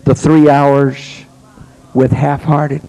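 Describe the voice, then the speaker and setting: An older man, a pastor, preaching a sermon that swings from plain storytelling to loud, shouted exhortation. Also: medium pitch, little pitch movement, drawn-out words, rough recording. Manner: builds from conversational to shouting exhortation. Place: church.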